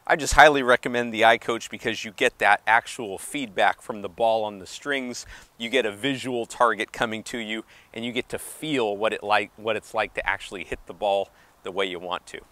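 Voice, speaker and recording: A man's voice: fairly low pitch, normal speed, pushed and bright, dry recording. A man giving an outdoor tennis lesson, counting beats aloud as he demonstrates strokes and encouraging the viewer, a little out of breath from moving. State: slightly out of breath. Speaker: tennis coach. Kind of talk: instructional on-court demonstration.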